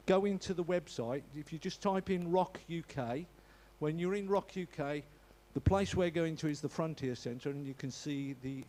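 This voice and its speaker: A man's voice: fairly high pitch, mellow, slight background noise. A man giving an informal church notice in a chatty, joking way, often restarting his sentences. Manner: chatty, jokey, with frequent restarts and stumbles.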